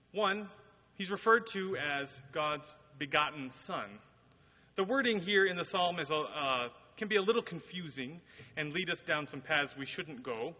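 Earnest male preacher with a bright, expressive voice, a little husky, recorded dully in an echoing church. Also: a little high. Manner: earnest, explanatory, quotes scripture with rising emphasis. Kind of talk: sermon. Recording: dull audio with long hall reverb.

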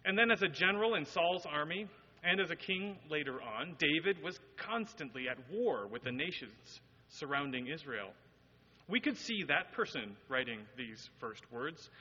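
Earnest male preacher with a bright, expressive voice, a little husky, recorded dully in an echoing church. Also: fairly high pitch, moderate pace. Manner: earnest, explanatory, quotes scripture with rising emphasis. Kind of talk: sermon. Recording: dull audio with long hall reverb.

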